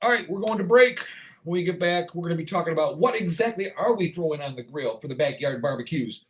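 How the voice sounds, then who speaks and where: Male talk host, high voice, sarcastic, rants on air. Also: animated, fast. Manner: sarcastic, ranting. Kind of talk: solo talk show commentary.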